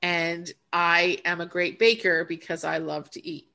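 A woman's voice: lowish voice, little pitch movement, measured pace, vocal fry, pushed and bright. Earnest reflective woman coach. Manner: earnest, reflective, emphatic, restarts often. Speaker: podcast co-host and coach. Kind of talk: casual spiritual chat.

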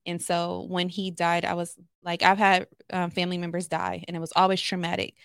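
A woman's voice: on the low side, fairly quick, smooth, no echo, studio quality. A woman from Los Angeles, a therapist, telling candid stories as a podcast guest with many fillers. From Los Angeles, USA. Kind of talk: podcast conversation.

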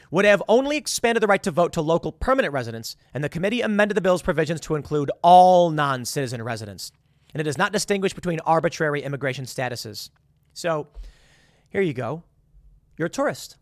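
Male commentator, animated and sarcastic, lively pitch, dry close sound. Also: no room sound. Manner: animated, acts out quoted voices with sarcasm and restarts. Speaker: political commentator. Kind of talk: opinionated monologue.

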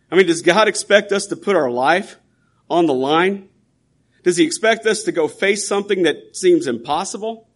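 A man's voice: high-pitched, a bit bright. A man preaching a sermon in an earnest, emphatic, conversational way, often restarting his sentences.

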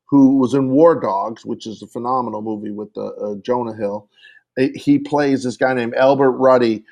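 A man co-hosting a podcast, chatting casually in an excitable, rambling way that is full of restarts. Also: medium pitch. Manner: rambling, excitable, laughs often, many restarts. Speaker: podcast co-host. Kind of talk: casual chat.

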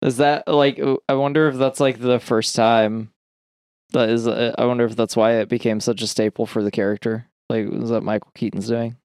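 A man's voice: medium pitch, flat delivery, moderate pace, a little mellow, smooth, no room sound, studio quality. Man tossing in offhand reactions. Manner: short reactions, offhand musing. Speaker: podcast co-host. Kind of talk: casual chat.

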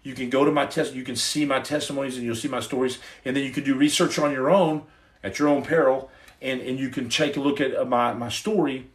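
A man's voice: medium pitch, fairly even intonation, a little fast. A middle-aged man hosting a livestream, giving his testimony in an earnest, preachy, casual way into his phone. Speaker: livestream host.

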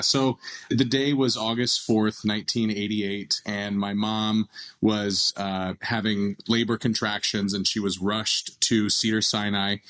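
A man in his thirties from Los Angeles, chatting as a podcast guest with a slightly low voice. He tells stories in a lively, laughing way, often restarting his sentences. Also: rough recording. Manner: animated, laughing storyteller with many restarts. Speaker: actor guest. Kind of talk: casual interview storytelling.

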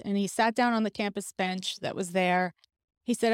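Woman, podcast host, candid personal storytelling, emotional, acts out quoted voices, medium pitch, dry close sound. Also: fairly even intonation, normal speed, smooth, no room sound.

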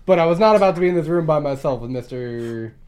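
A man's voice: a little high, animated, fast talker, a little mellow. A young man co-hosting a casual chat with friends, telling crude stories, swearing freely and laughing often. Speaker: podcast co-host.

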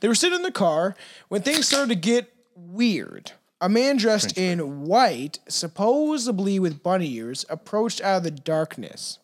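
High-voiced man telling a podcast story. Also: big pitch swings, measured pace. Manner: stumbling, laughing, profane. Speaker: podcast co-host.

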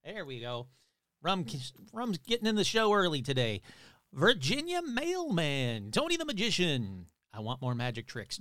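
A man hosting a paranormal podcast in a casual, upbeat, rambling way, reading off playful shout-outs. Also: high-pitched, no echo, studio quality. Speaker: podcast host. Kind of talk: casual chat.

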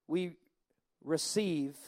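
A pastor preaching to his congregation in a high, bright-sitting voice. He is animated, swinging from soft asides to loud calls, and often repeats words as he goes. The sound is dry and close. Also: very slow, no room sound. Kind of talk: sermon. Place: church service.

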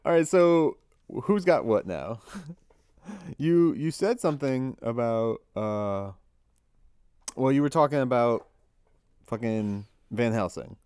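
A man hosting a casual podcast over a call, relaxed and laid-back. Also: medium pitch, slow pace, long pauses, clear, resonant tone, no room sound. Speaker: podcast host.

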